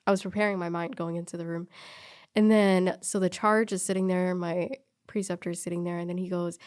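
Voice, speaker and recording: A woman's voice: on the low side, a little fast, clean tone. A young woman telling a personal story in casual chat, acting out the people she quotes. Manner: animated storyteller who acts out quoted people.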